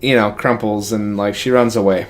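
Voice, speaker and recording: A man's voice: fairly low pitch, fairly even intonation, moderate pace. A man co-hosting a podcast, retelling a film in a loose, rambling way full of fillers. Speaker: podcast co-host. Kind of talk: casual chat.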